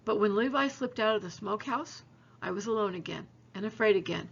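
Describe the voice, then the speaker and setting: A woman teacher reading a novel aloud to her students in a steady storytelling way. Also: mid-range voice, brisk, gravelly, slightly rough, lo-fi sound.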